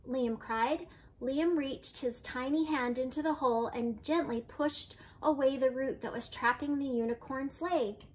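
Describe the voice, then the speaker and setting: An older woman, a grandmother, reading a children's picture book aloud in a gentle storytelling way, with light voices for the characters. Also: sits high, unhurried.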